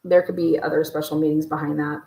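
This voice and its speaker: A woman hosting a casual livestream, ranting in a profane, exasperated and sarcastic way, her voice slightly hoarse. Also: deep voice, little pitch movement, fast, dark tone, roomy sound, poor audio. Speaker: true crime livestream host.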